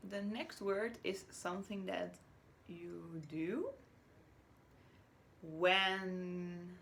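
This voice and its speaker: A woman teacher from Chile giving a slow, patient recorded spelling lesson to young children, now and then whispering or acting out a word. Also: on the low side, vocal fry, fairly bright tone, slight background noise. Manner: patient, drawn-out words, whispers or acts out words as examples.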